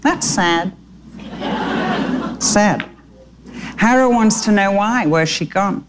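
A woman preaching a sermon in an animated, chatty storytelling manner. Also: mid-range voice, takes it slowly, background noise.

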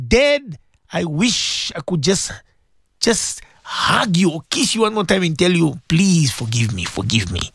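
A man's voice: very high voice, vocal fry, a bit bright, no room sound. A man hosting a morning radio show, talking in an emphatic, repetitive, preachy way. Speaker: radio host.

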